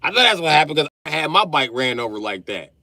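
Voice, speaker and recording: A man's voice: a little high, fast, gravelly, dry recording. A man in his late thirties telling profane, comic stories on a livestream, laughing as he goes. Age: late 30s. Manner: animated, profane, laughs mid-story. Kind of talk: comedic storytelling rant.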